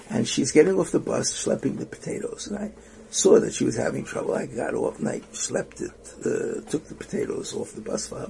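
A man telling an inspirational religious story, animated, swinging between hushed and loud emphasis. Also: mid-range voice, creaky, a little hiss or hum.

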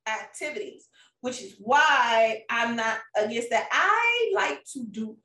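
A woman's voice: a little high, sharp tone, far from the mic. A woman co-hosting a casual podcast chat, playful and teasing, often laughing as she talks. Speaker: podcast co-host. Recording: roomy sound, a bit off-mic.

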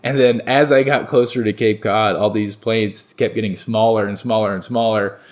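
A young man from North Carolina, a baseball player, telling stories in a relaxed interview, rambling with lots of fillers and restarts. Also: on the low side, moderate pace. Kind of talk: casual interview storytelling.

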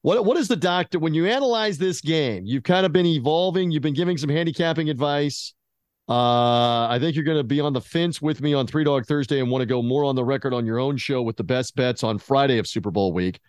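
A laid-back man hosting a sports podcast, his voice sitting at an ordinary middle pitch. The recording is dry and close. He asks long, rambling questions with an easygoing, joking manner. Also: a little fast, clear, resonant tone, no room sound. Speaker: podcast host. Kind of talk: casual podcast interview.

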